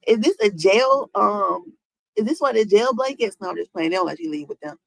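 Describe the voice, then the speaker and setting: A woman's voice: mid-range voice, lively intonation, fairly quick, vocal fry, dry recording, rough recording. A woman streamer reacting casually to celebrity news, talking straight to her viewers with rhetorical questions. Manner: talks to chat, rhetorical questions, African American Vernacular English phrasing.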